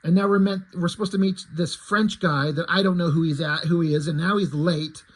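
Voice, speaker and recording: Man reading as aging male adventurer from a comic, testy, complaining, a bit husky. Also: fairly high pitch, steady tone, fairly quick, close to an everyday voice.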